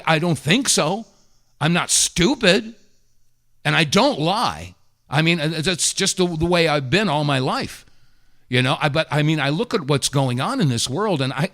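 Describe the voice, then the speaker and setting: Impassioned talk radio host, lively voice. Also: male voice, on the high side. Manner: impassioned, rambling, with restarts.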